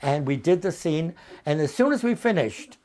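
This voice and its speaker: A man's voice: fairly high pitch, animated, darkish tone, slight background noise. Elderly man telling stories over video call. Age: 80s. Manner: unhurried, acts out the voices of people in his stories. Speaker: veteran actor and interviewee. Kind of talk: anecdotal storytelling. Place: at home.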